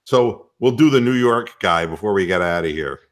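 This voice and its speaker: A man's voice: lowish voice, animated, moderate pace. A man hosting a casual sports podcast, joking and crude. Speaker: podcast host.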